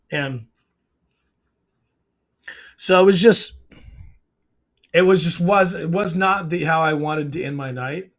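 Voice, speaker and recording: A man's voice: on the high side, takes it slowly, pauses often. A man casually breaking down a TV scene, emotional and hesitant, restarting his sentences often. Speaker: show reviewer.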